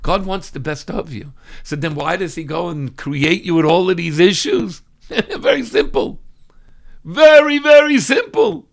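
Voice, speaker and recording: A man from Brooklyn, a rabbi giving an expressive Torah lesson that breaks into loud mock shouting. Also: fairly high pitch, normal speed, creaky. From Brooklyn, New York. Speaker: rabbi teaching a weekly class.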